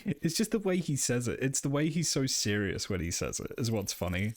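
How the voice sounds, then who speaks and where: A man's voice: medium pitch, very animated, brisk, dry recording, clean studio sound. A man streaming a game live, muttering to himself casually, swearing and laughing often.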